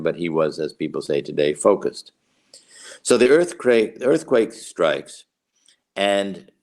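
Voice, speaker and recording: Deep-voiced older man telling stories. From New York. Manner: storytelling, repeats phrases for rhythm, wry asides. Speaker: writing professor. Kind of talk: master class talk.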